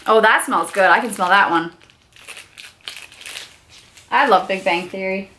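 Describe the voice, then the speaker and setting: A woman's voice: medium pitch, unhurried, pauses often, sharp tone, slight background noise. A young woman vlogger unboxing gifts, gushing with squealing exclamations. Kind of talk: unboxing vlog.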